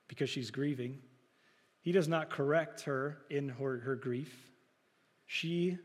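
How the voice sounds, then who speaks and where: A pastor with a medium-pitched, darkish voice preaches a sermon, and the recording has a long reverb tail. He addresses the congregation conversationally, using rhetorical questions.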